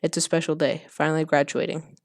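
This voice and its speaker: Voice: medium pitch, brisk, no room sound, studio quality, close to an everyday voice. A reader voicing an eager young male bee, reading his script lines aloud with almost no acting. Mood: flat. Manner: flat reading, barely acted.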